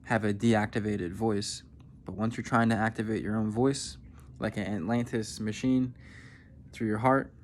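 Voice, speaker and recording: A man giving a vocal warm-up lesson as a voice coach, explaining and demonstrating techniques. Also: on the low side, fairly even intonation, moderate pace, a little hiss or hum. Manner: instructive, demonstrating sounds.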